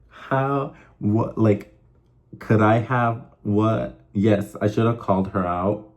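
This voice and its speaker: A man's voice: lowish voice, steady tone, slow pace. A young man hosting a casual chat show, rambling through stories with lots of fillers and swearing. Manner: rambling, profane, filler-heavy storytelling. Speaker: host.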